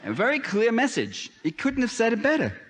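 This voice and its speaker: A man's voice: huge pitch swings, brisk, fairly bright tone. Emphatic man lecturing in a reverberant hall. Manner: emphatic, with sweeping rises and drops in pitch. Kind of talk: political lecture.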